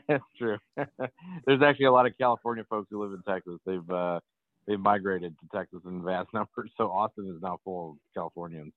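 A man with a Wisconsin accent talks sports in a relaxed, laughing way. His voice sits low and dry. It comes through a narrow, phone-like line. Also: brisk, no echo. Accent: Upper Midwest, Wisconsin. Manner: laughs often, relaxed and chatty. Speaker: podcast co-host. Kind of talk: casual chat.

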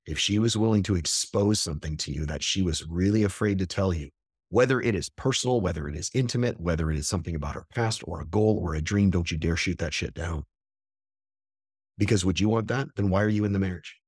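A man hosting a podcast in a casual monologue to his camera, blunt and profane, animated and emphatic. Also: low-pitched, fast, husky, no echo, studio quality. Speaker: podcast host. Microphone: computer camera at a desk.

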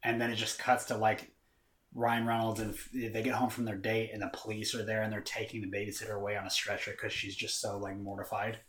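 A man's voice: fairly low pitch, little pitch movement, brisk, a bit bright, reverberant. A man casually chatting about movies, retelling scenes in a rambling way with lots of fillers and swearing.

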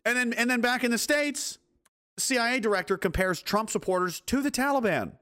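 A man's voice: very high voice, a little fast, bright, forceful tone, clean tone. A man reacting to news reports and photos in a sarcastic, angry, heavily profane rant. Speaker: commentator.

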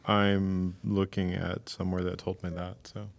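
A man in a casual podcast chat, speaking quietly and offhandedly. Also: low voice, level tone, unhurried, vocal fry.

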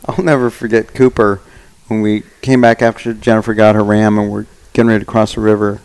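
A man's voice: fairly low pitch, little pitch movement, a little fast, a little mellow, clean tone, poor audio. Easygoing middle-aged man telling anecdotes. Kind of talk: casual chat.

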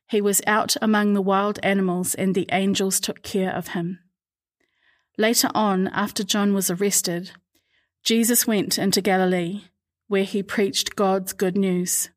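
Woman reading scripture aloud, measured. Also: mid-range voice. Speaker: Bible reader.

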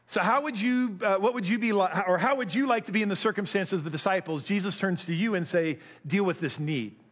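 A man's voice: high-pitched, fast, fairly bright tone. A man preaching a sermon as pastor, conversational, asking the congregation questions and acting out quotes.

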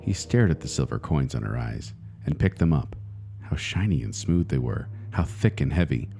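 A man podcast host reading a spooky children's story aloud in a deliberate manner that builds suspense. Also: extremely low pitch, very animated, gravelly, dark tone, soft background music.

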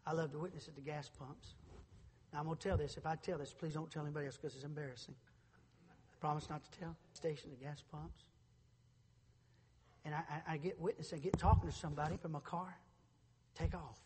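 A middle-aged male pastor preaching a sermon in a church, moving from quiet storytelling to shouted preaching. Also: on the high side, steady tone, brisk, pauses often, big-room sound, a little hiss or hum. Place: church sanctuary.

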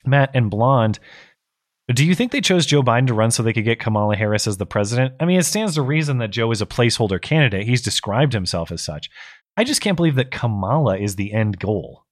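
A man's voice: mid-range voice, lively intonation, a little fast. Tired-voiced man reading viewer messages. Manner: thinking aloud with restarts and stumbles. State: tired, voice going. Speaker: co-host. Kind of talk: casual political talk, reading viewer messages.

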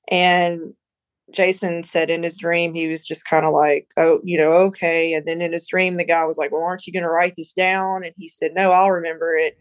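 Woman guest on a podcast, lowish voice, rambly chatty storyteller, lots of "you know"s. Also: level tone, normal speed, dry recording, rough recording. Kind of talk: casual storytelling.

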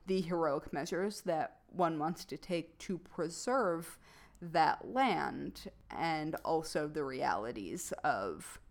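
A woman with a Midwestern American accent talks in a relaxed, rambling way, filling pauses with ums. Her voice sits a little low, and she takes her time. It sounds like casual podcast chat between co-hosts. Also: vocal fry. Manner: relaxed, rambling, many fillers. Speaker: podcast co-host.

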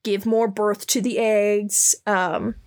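A woman's voice: medium pitch, fairly even intonation, takes it slowly. A woman voicing a pleased, businesslike male tentacle monster in a matter-of-fact tone. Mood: approving.

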